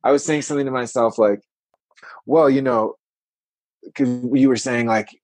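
A man's voice: medium pitch, steady tone, fast talker, darkish tone, no room sound. A man in his forties talking as a podcast guest over a remote call, rambling with lots of "like" fillers. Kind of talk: casual conversation. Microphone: remote call recording.

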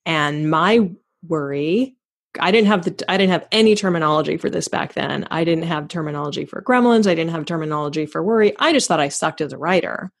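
A woman hosts a podcast interview in a slightly low voice. She is animated and self-deprecating, and she laughs often. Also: fairly quick. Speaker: podcast host. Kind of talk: conversational interview.

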